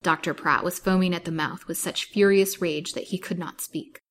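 A woman with a slightly low voice reads a serialized novel aloud as a storyteller. Her narration is steady and even. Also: moderate pace, a little hiss or hum.

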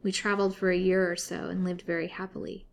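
A woman's voice: flat delivery, fast talker, creaky. Woman voicing a wasted, bitter prisoner woman. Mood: low, bitter. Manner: frenzied wailing, then low and bitter. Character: wasted, chained female prisoner, wild and bitter.

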